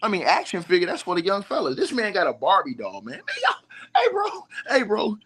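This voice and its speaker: Lively man ranting to his viewers. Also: high voice, a little fast, slightly rough. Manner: mocking, repetitive, talks straight to the audience. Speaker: livestream host. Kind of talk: animated sports rant to viewers.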